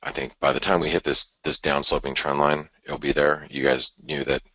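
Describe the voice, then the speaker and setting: Super deep raspy guy going over forex charts live, loose and chatty, dry close mic. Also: little pitch movement, moderate pace, sharp tone, dry recording. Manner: conversational, thinking aloud with restarts and sighs. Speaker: forex market analyst host. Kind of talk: live trading chart analysis.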